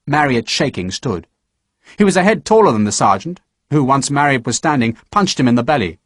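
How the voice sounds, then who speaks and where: A man narrating an audiobook in a measured, expressive storytelling manner, recorded close to a studio microphone. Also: mid-range voice, dry recording. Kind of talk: scripted narration.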